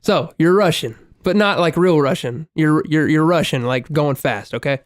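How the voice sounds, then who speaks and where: Guy with a kinda high voice telling swear-heavy stories on a podcast, gets loud when he acts out what he said. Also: moderate pace, no echo, clean studio sound. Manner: profane, animated storytelling with loud exclaimed quotes. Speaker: podcast co-host. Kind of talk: casual chat, storytelling.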